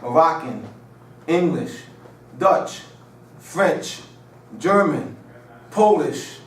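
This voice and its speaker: A man lectures a class in a high voice that leaps up and down. He hammers his points with repetition and rhetorical questions, then drifts into chatty anecdotes. He is picked up from far off in a strongly echoing room. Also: animated, extremely slow, a little hiss or hum. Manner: chatty storytelling asides. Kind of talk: classroom lecture with call and response. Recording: echoey room, mic far off.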